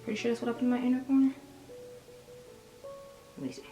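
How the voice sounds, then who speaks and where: A woman's voice: fairly high pitch, fairly even intonation, fast. A woman, chatting casually through a makeup tutorial for her viewers, rambling and calling them y'all. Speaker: beauty vlogger. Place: room at home. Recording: echoey room with music behind.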